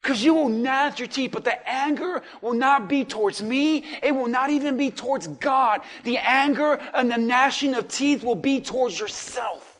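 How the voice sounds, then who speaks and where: A male pastor preaching a sermon, acting out the cries of people with sudden shouts. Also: extremely high pitch, normal speed, hardly any pauses. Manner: dramatic, acts out voices of people in hell.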